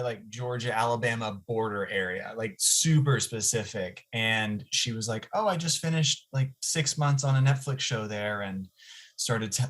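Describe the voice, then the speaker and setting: Low-voiced man hosting a video-call Q&A. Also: fairly bright tone. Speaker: writer-director hosting the Q&A.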